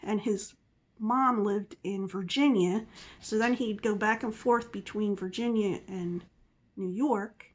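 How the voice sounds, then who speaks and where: A woman's voice: medium pitch, takes it slowly. A middle-aged woman from the Philadelphia area, with a mixed Philadelphia and Southern US accent, chatting in a rambling way in her vlog and laughing at herself. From Philadelphia area, USA. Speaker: vlogger. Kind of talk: casual chat.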